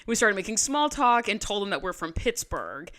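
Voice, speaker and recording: A young woman co-hosting a podcast in casual, animated chat, swearing freely and laughing often. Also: medium pitch, normal speed. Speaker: podcast co-host.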